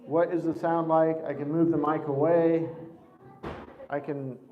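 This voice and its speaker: A man testing his lapel microphone for a livestream, joking loudly as he walks around an indoor room. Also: on the high side, phone-quality sound. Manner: joking, loud and playful, walking around. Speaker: speaker testing a livestream mic. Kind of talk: casual chat.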